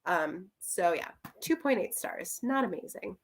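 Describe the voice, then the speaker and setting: A woman's voice: lowish voice, expressive, measured pace, slight background noise. A young woman chatting casually through a book review, rambling with plenty of fillers and little laughs.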